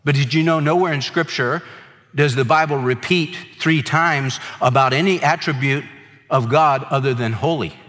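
A man's voice: on the high side, moderate pace, fairly bright tone, in a large hall. A male pastor preaching a sermon, stressing points through emphatic repetition.

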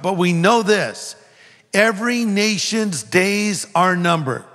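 Male pastor, earnest sermon delivery, slightly high pitch, long hall reverb. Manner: earnest preaching, acts out a street preacher's yelling.

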